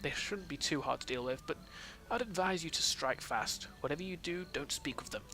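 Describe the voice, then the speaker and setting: Haughty actress lines read by a guy, gravelly and bright. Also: on the high side, a little fast, a little hiss or hum. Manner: plain reading of game dialogue. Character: boastful haughty actress, adult woman.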